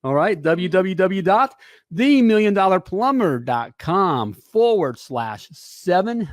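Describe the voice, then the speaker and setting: A middle-aged man hosting a live talk show, energetic and repetitive, tossing in "all right?" and "hey" between lines. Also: high voice, a little slow, no echo, clean studio sound.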